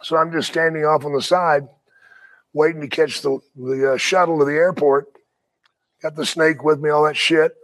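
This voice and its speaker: An older man with a slightly raised pitch tells rough, profane stories from his wrestling days. He talks in a loose, animated way and breaks into laughter now and then. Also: moderate pace, low-quality recording. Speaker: guest, retired pro wrestler. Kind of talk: casual storytelling.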